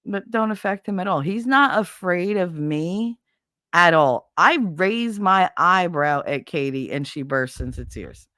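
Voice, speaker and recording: A middle-aged woman with a fairly low voice, talking in a blunt, exasperated rant full of swearing. She speaks close to the mic in a dry, dead room, like a casual livestream host chatting to viewers. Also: expressive, measured pace, sharp tone, dry recording. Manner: blunt, profane, exasperated ranting. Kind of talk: casual venting monologue.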